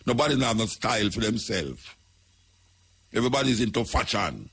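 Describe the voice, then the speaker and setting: A Jamaican man holds forth on talk radio, repeating and hammering home each point. His voice is gravelly and husky, pitched a little low. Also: very animated, moderate pace, fairly bright tone. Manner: preaching, repetitive, emphatic. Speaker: radio host.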